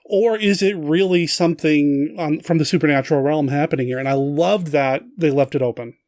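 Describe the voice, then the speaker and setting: Male podcast host, slightly high voice, enthusiastic, dry recording. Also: brisk, darkish tone, no room sound. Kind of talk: casual film discussion.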